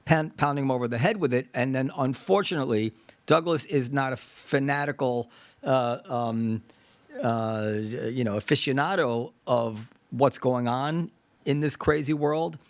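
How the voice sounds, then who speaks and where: A man's voice: mid-range voice, measured pace, dry recording. Man, podcast host, casual talk, thinks aloud, acts out dialogues, dry room. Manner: animated, acts out imagined dialogues; digressive, thinks aloud with fillers. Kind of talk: casual political discussion.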